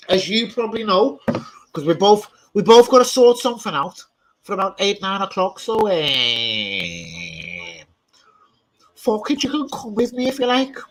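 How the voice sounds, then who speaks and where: An excitable young man runs a live football watch-along. He swears freely and greets his viewers one after another. His voice is bright and forceful, and his pitch swings widely. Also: low-quality recording. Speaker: football fan channel host.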